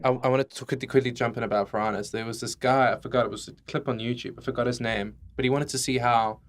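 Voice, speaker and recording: A man's voice: mid-range voice, fast. A young man co-hosting a casual comedy podcast, teasing his friends and telling stories with laughter. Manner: laughing, teasing, animated storyteller. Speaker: podcast co-host.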